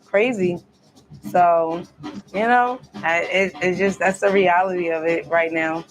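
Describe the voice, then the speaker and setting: A woman's voice: lowish voice, fairly even intonation, measured pace. A woman hosting a casual live stream from a cruise ship cabin, chatting loosely and talking straight to her viewers. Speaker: live-stream host reading viewer comments.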